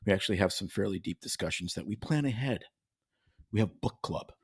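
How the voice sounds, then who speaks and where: Male podcast co-host, casual chat, animated, swears a lot, dry close mic. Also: lowish voice, fairly quick, breathy edge, no room sound. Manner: animated, swears freely, does mock accents.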